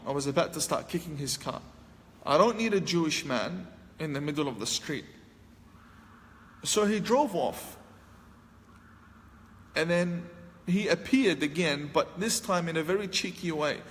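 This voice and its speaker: Guy telling a story, kinda high voice, gets loud acting out his old lines, big hall echo. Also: a little slow, long pauses. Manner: animated, acts out his own past lines with raised voice. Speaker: speaker telling a personal story. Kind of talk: storytelling talk. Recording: long hall reverb, faint ambient noise.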